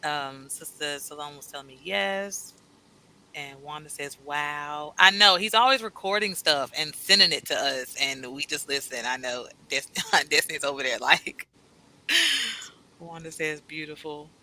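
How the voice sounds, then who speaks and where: A woman hosts a casual live stream. Her voice is very bright and clear. She is animated and laughs often while reading viewers' comments aloud. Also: deep voice, measured pace, low-quality recording. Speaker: host.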